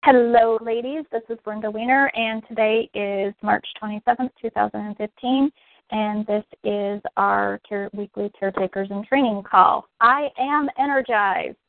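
A woman's voice: mid-range voice, flat delivery, moderate pace, vocal fry, no echo. A woman facilitating a weekly group call, opening it and guiding others through their turns. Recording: tinny phone line.

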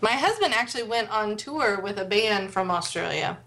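A woman's voice: medium pitch, animated, normal speed, a bit bright. A woman in her thirties from the United States, a podcast guest chatting and telling stories. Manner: chatty, storytelling. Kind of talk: casual chat.

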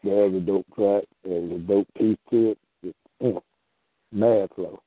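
Sex: man. Role: open mic poet. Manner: excitable, exclamatory, slangy. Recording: tinny phone line with faint noise. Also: deep voice, a little slow. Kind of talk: casual chat on a call.

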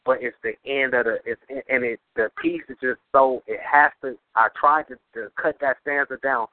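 A man's voice: mid-range voice, very animated, normal speed. A man who is a guest poet on a radio show, explaining his craft at length in casual talk. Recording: dry, phone-like radio audio.

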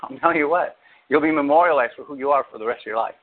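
A male pastor preaching an animated sermon, acting out quotes with big jumps in his voice. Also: a little high, rapid-fire. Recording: tinny phone-like audio.

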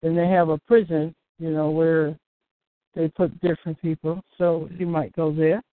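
A man's voice: on the high side, little pitch movement, moderate pace, dry recording. A man hosting a community call, talking casually in a rambling, easygoing way with lots of fillers. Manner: rambling, easygoing, many "you know" fillers. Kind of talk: casual chat. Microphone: phone or call line. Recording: tinny phone line, dry.

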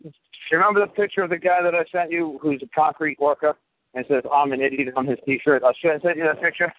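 A man in his fifties speaks quickly in a slightly high voice, handing out blunt, profane, emphatic advice on a casual phone call. The line sounds tinny, with a faint hiss underneath.

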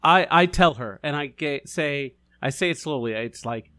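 A man's voice: on the high side, normal speed, few pauses, pushed and bright. A man playing in a tabletop game, chatting casually and joking with plenty of fillers. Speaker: player.

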